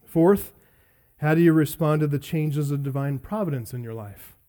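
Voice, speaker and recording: Man, middle-aged, preacher, somewhat high voice, earnest questions, self-deprecating anecdotes. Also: moderate pace, warm tone. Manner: earnest, questioning, tells personal stories with self-deprecating humor. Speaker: pastor. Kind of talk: sermon.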